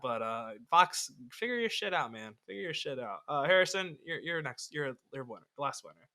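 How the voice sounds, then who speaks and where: A man co-hosting a podcast in casual sports chat, animated and quick to laugh, swearing casually. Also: mid-range voice. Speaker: podcast co-host.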